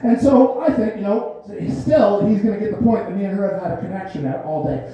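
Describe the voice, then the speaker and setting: High-pitched yet dark in tone, this man's delivery is animated and brisk, captured in a very echoey, dull theater recording. He's a stand-up comic doing a set on a small comedy theater stage, rambling loosely through a story and frequently laughing at his own lines.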